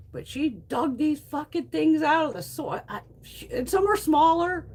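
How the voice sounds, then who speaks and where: Middle-aged woman, casual beauty vlogger; animated, profane storyteller with a lively, swooping pitch. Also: slightly rough. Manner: swears freely, laughs often, animated storytelling. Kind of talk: casual chit-chat.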